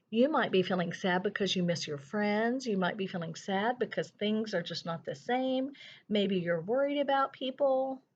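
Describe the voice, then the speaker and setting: A female teacher gently guides children through a lesson about feelings, thinking aloud and humming softly while she colors a drawing. Her voice is mid-range with a bit of hiss or hum, and the recording has a slightly dull lo-fi quality.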